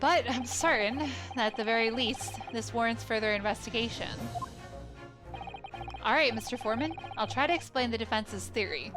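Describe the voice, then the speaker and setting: A chatty woman plays through a game, reading its lines aloud and breaking in with incredulous asides. Her voice sits a little high, and game music plays behind her. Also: moderate pace. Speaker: let's play gamer. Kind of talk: casual gameplay commentary and reading aloud.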